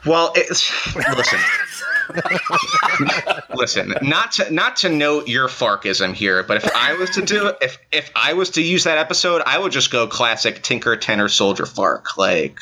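A man's voice: mid-range voice, very animated, normal speed, few pauses, noisy background. A man guesting on a podcast, chatting casually and joking around playfully. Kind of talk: casual chat.

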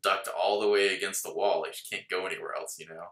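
A man's voice: low voice, fairly even intonation, fast, a bit bright. A man co-hosting a podcast in casual chat, musing analytically and laughing often. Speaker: podcast co-host. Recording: roomy echo.

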